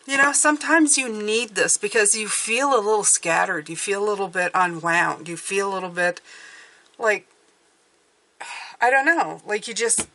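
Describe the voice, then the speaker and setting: A woman's voice: mid-range voice, moderate pace, pushed and bright. A woman giving a casual, rambling intuitive tarot reading, often checking in with "okay?". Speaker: tarot reader.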